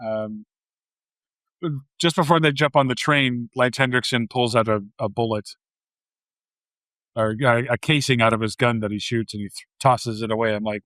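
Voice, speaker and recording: A man's voice: mid-range voice, fairly even intonation, normal speed, pauses often, a bit bright, no echo. A man co-hosting a casual movie podcast, wry, working through his notes. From Canada. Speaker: podcast co-host.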